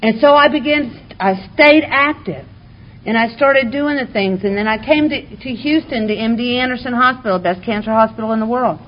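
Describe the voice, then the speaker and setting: A woman's voice: fairly high pitch, normal speed. A woman giving a candid, heartfelt personal testimony to a recovery meeting audience, with touches of wry humor. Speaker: speaker sharing her recovery story. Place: meeting room before a live audience. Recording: muffled lo-fi recording, faint hiss.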